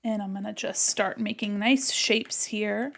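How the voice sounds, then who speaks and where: A woman's voice: mid-range voice, fairly even intonation, a little slow, vocal fry, a bit bright. A woman livestreaming while she draws, chatting playfully and talking through each step of her work. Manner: chatty, narrates her own actions, playful. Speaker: livestreaming artist. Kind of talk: casual chat while drawing.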